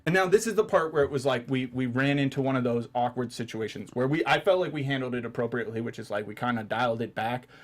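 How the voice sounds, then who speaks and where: A man hosting a podcast in a studio, telling a story in casual chat and acting out the people he quotes in loud, raised voices. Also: medium pitch, quick pace, hardly any pauses. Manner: animated storyteller, acts out quotes loudly. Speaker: podcast host.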